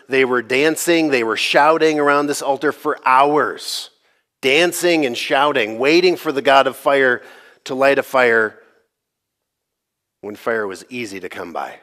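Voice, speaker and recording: A middle-aged man pastor preaching a sermon, telling the story with lively, sarcastic quoted lines and occasional laughs. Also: medium pitch.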